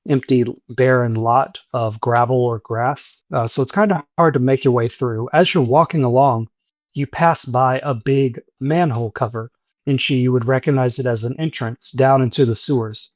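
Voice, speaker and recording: A man's voice: medium pitch, moderate pace, no echo. A man narrating as game master of a tabletop game, describing scenes steadily with frequent fillers.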